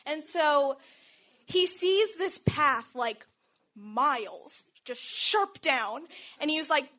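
A woman's voice: sits high, expressive, slow pace, pushed and bright. A young woman telling a personal story in a casual, chatty way, laughing often and saying "like" a lot.

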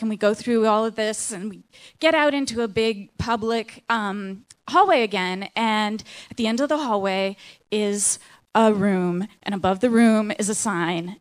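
A woman telling a self-deprecating, animated comic story live to an audience. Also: on the high side, smooth. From Seattle.

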